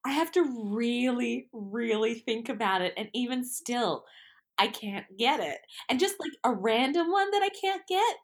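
A woman's voice: fairly high pitch, animated, measured pace. Aussie girl chatting on a podcast, laughs at herself a lot, trips over words. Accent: Australian. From Australia. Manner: giggly, self-deprecating, stumbles over words. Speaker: podcast co-host. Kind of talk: casual chat.

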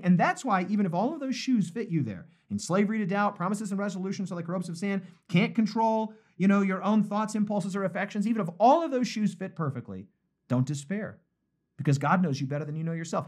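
During a live-streamed devotional, a male pastor preaches fast in a relaxed, conversational style. His pitch rises and falls widely for emphasis, and he repeats key phrases to drive them home.

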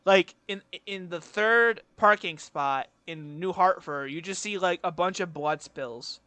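A man's voice: high voice, unhurried, bright, forceful tone, dry recording. A young man co-hosting a podcast, telling a rambling story with casual swearing. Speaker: podcast co-host. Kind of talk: casual chat.

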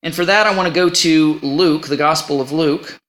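Guy preaching a sermon, bright voice, folksy and chatty with the congregation. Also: fairly high pitch, normal speed. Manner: animated, folksy, checks in with the congregation. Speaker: pastor.

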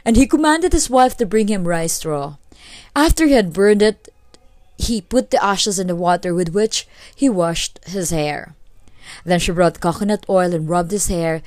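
A woman narrating a folk tale in a steady, clear read-aloud manner. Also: on the low side, dry recording. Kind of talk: storytelling narration.

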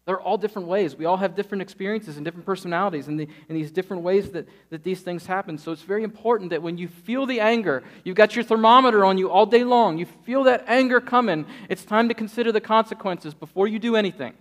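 A man in his thirties preaching a sermon, telling stories and acting out quotes with lively energy. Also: sits high, fast, few pauses. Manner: lively storytelling, acts out quotes. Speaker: pastor.

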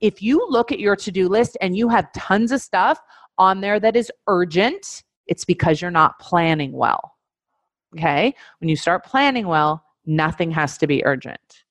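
A woman with a fairly low voice teaches a webinar as a coach, speaking straight to her listeners with firm, emphatic instructions. She drives points home by repeating key phrases. The sound is dry and close, with almost no room tone. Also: animated, measured pace, dry recording.

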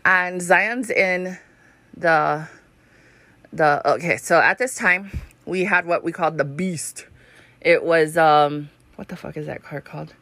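A fairly low-pitched woman in her thirties with a Hawaiian Pidgin-tinged accent tells a casual story. She rambles, swears freely and laughs often. Her voice sounds dry and close, with no room around it. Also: slow, fairly bright tone, no room sound. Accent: Hawaiian Pidgin-tinged English. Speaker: podcast host.

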